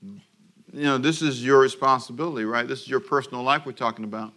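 A man's voice: mid-range voice, steady tone, brisk, sharp tone. A man preaching a radio sermon with lots of energy. He uses call-and-response and acts out little scenes for his listeners. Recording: broadcast radio sermon from a church service.

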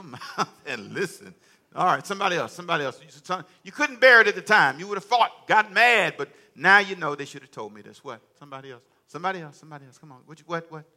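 Pastor, male, bright and fairly high voice, lively sermon delivery, banters with the congregation.

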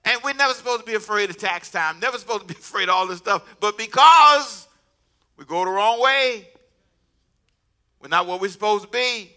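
A man's voice: sits high, moderate pace. A man preaching a sermon as pastor, joking with the congregation and breaking into laughter. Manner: humorous, animated preaching with laughter.

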